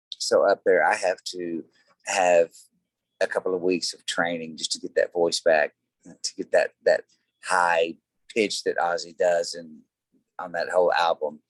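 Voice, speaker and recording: A man's voice: sits low, fairly even intonation, takes it slowly, long pauses, no echo, poor audio. A man, a singer in a tribute band, chatting as a guest in a casual interview and telling rambling stories full of fillers. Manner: rambling storyteller, many fillers.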